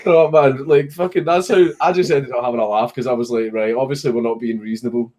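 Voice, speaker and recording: A young Scottish man chatting casually about something that happened to him. He tells it with animated energy, swears freely and laughs at the funny parts. His pitch sits in the middle of the usual male range. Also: fast. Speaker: streamer. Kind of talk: casual storytelling chat.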